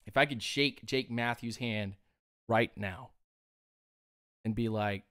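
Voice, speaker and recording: A man hosting a sports show, breaking down game plays with excitable energy and frequent laughter. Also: lowish voice, slow, clear, resonant tone, no echo, clean studio sound. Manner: excitable, breaks into laughter, acts out players in quotes. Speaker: sports podcast host. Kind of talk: animated sports commentary.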